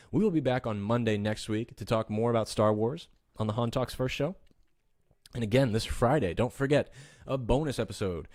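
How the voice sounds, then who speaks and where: A male podcast host talking casually to his live audience, upbeat and chatty, with plenty of fillers and restarts. His voice sits a little low. The sound is dry and close to the mic. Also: darkish tone, dry recording.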